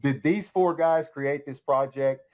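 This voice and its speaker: A man in casual podcast chat who explains things in measured sentences. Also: on the high side, a little mellow.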